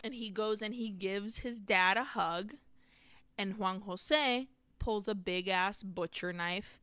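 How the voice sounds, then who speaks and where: A woman co-hosting a podcast, excitedly retelling a film's scenes in casual chat, laughing and restarting as she goes. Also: medium pitch, slow, clean tone, no room sound. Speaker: podcast co-host. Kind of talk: casual film recap chat.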